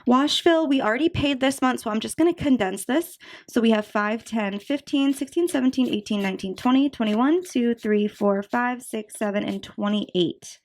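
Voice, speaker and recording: Chatty young woman counting cash aloud. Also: on the high side. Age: 20s. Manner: chatty, counts bills aloud in quick runs. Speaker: budgeting vlogger. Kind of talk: casual chat while counting cash.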